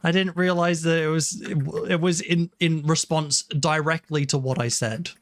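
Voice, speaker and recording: A man's voice: on the high side, little pitch movement, moderate pace, fairly bright tone, no room sound. A man streaming as a game developer, chatting casually, laughing often, swearing and poking fun at himself. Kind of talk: casual live-stream chat.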